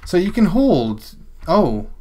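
A man's voice: sits high, very animated, slow, mellow, slight background noise. A man giving casual, rambling commentary while playing and reviewing a game, muttering to himself with mild exclamations. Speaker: gameplay reviewer. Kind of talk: casual let's-play commentary.

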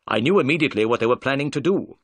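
A man voicing a confident, clever detective in a read-aloud story, brisk and commanding. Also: mid-range voice, expressive, no room sound, natural voice. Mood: explaining.

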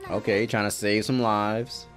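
A man's voice: lowish voice, level tone, measured pace. A man giving casual reaction commentary on an anime episode, talking back to the screen with frequent exclamations and laughs. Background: faint episode soundtrack music.

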